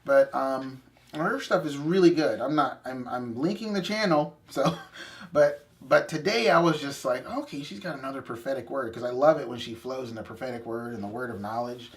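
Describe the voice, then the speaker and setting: A young man co-hosting a faith video channel, telling a story in casual chat with animated asides and self-corrections. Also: mid-range voice, moderate pace.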